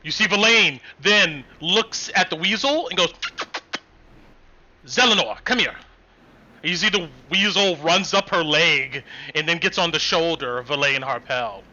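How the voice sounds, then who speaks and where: A man's voice: a little high, normal speed, few pauses, sharp tone, muffled recording. A man running a tabletop game as game master over voice chat, narrating with hesitant fillers and restarts.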